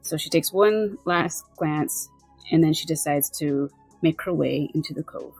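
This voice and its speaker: A woman plays her character with an earnest, gentle manner. Her voice is lower than most, dry and close on the mic. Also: unhurried, breathy edge, dry recording, faint music behind, low-quality recording. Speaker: player. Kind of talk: playing a tabletop game.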